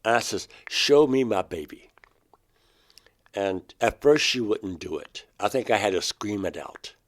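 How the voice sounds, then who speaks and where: An older man from Georgia, a guest in an interview, earnestly recounting personal experiences and acting out remembered dialogue with sudden loud outbursts. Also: lowish voice, animated, normal speed. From Georgia, USA.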